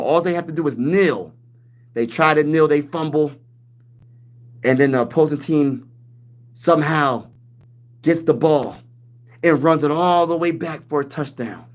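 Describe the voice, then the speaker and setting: A man hosting a casual sports livestream, hyping his team with loud trash talk and reading viewers' comments aloud. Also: mid-range voice. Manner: hyped trash talk, reads chat aloud. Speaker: livestream host.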